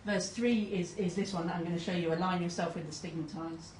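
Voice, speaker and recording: A woman conference speaker gives a presentation, hesitant and full of ums, reading quotes aloud as she goes. Her fairly low, steady voice is a little fast and darkish in tone, recorded from a distance in a roomy hall with a little hiss or hum.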